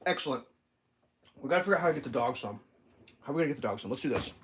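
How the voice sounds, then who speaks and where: A man's voice: medium pitch, animated, rapid-fire, fairly bright tone, a little hiss or hum. A man vlogging casually while cooking in his home kitchen, rambling and chatting with his dog.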